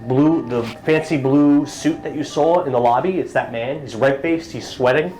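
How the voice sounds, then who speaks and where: A man's voice: mid-range voice, normal speed, darkish tone, rough recording. Game master, man, descriptive narration with fillers, faint music under him. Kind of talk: describing scenes in a tabletop game.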